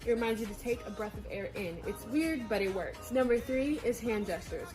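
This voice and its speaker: A woman's voice: a little high, animated, a little fast, over music. A woman giving a casual, step-by-step singing lesson, explaining technique plainly. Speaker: singing teacher.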